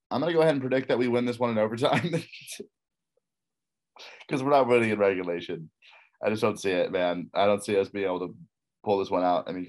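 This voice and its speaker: Low-voiced man, faint Texas accent. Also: darkish tone. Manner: rambling, repeats himself, frank opinions. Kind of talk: casual solo sports picks talk.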